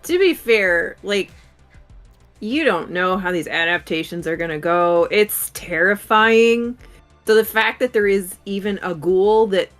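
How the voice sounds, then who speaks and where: A woman's voice: mid-range voice, fairly even intonation, unhurried, faint music behind. A woman co-hosting a gaming podcast in casual, earnest chat. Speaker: podcast co-host.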